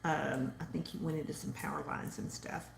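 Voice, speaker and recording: Southern-accented woman, chatty live-stream host, somewhat low voice, in a roomy echo. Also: fairly even intonation, moderate pace, creaky, slight background noise. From Texas. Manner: chatty and rambling, reads viewer comments aloud. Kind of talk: casual live-stream chat.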